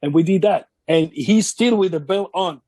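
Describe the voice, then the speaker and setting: Man, fairly high voice, dry close sound, halting storyteller, repeats himself. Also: mellow, no echo. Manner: halting, repeats words, acts out quotes of others. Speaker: wrestling veteran interviewee. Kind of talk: casual shoot interview storytelling.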